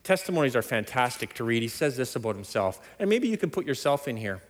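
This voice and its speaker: A man preaching a sermon, emphatic and animated, often laughing between points. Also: fast. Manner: animated, emphatic preaching with sudden loud high stresses. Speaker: pastor. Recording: long hall reverb.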